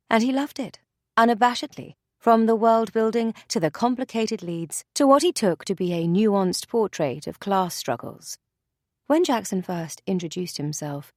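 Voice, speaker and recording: A woman reading a thriller novel aloud as narrator, in a measured, dry storytelling manner. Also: medium pitch, darkish tone, dry recording. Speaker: audiobook narrator. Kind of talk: scripted narration.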